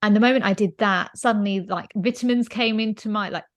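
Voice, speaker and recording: A woman's voice: mid-range voice, fairly quick. A woman hosting a podcast who tells personal stories in a casual, chatty way, full of fillers and restarts. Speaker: podcast host. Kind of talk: casual conversational storytelling.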